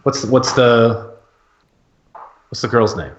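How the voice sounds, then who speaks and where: A man's voice: mid-range voice, slow pace, a little hiss or hum. A man co-hosting a casual fan podcast, rambling and thinking aloud as he reacts to a trailer. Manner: rambling, thinking aloud with fillers and jokey impressions. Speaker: podcast co-host. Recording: roomy, dull lo-fi audio.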